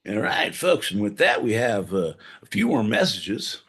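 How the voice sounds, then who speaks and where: A man's voice: fairly low pitch, very animated, normal speed, fairly bright tone. Casting note: male podcast co-host, rambling and profane, riffing for laughs. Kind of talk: casual comedic chat.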